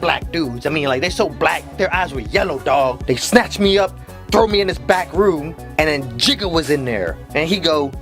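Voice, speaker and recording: A man telling funny personal stories in an animated storytelling video, jokey and full of voice switches. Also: a little high, moderate pace. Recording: voice-over with music bed.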